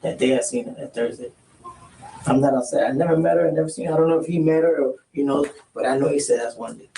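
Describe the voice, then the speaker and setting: Animated man recounting events, distant roomy sound. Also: on the high side, quick pace, gravelly. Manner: animated storyteller, acts out quoted exchanges, street slang. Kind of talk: recounting a story under questioning. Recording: roomy, distant mic, faint hiss.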